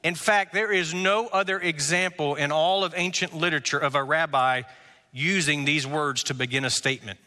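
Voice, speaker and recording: A man preaching a sermon as pastor, emphatic, with rhetorical questions and drawn-out words. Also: on the high side, pushed and bright, big-room sound. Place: church sanctuary.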